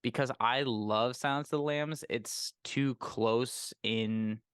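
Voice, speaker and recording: A man hosting a casual movie chat, animated and emphatic, quick to laugh. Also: mid-range voice, clean tone, no echo, studio quality. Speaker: podcast host.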